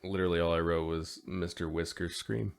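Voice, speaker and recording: A man co-hosting a podcast, chiming in casually with questions and quick agreement. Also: low-pitched, flat delivery, vocal fry, clear, resonant tone. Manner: laid-back, short questions and agreeing interjections. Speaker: podcast co-host. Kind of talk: casual movie review chat.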